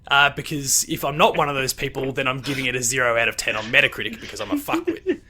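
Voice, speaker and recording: A man's voice: mid-range voice, very animated, fast talker, pushed and bright. An Australian man hosting a casual gaming podcast, rambling with lots of fillers and restarts. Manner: rambling, hesitant with many fillers. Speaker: podcast host. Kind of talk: casual chat.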